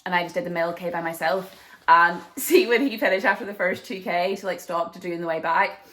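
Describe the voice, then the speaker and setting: A woman's voice: fairly low pitch, brisk, a bit bright. A young adult woman vlogging to camera in a casual, chatty way, full of filler words.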